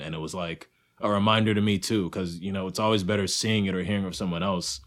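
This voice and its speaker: A young man co-hosting a podcast in casual chat, animated and profane, acting out his own reactions as he talks. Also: lowish voice, fast. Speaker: podcast co-host.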